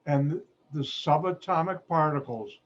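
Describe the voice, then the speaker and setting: Male chemistry instructor, playful and jokey, teaching a class in a somewhat high voice over dull, muffled video call audio. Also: measured pace. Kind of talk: online lecture.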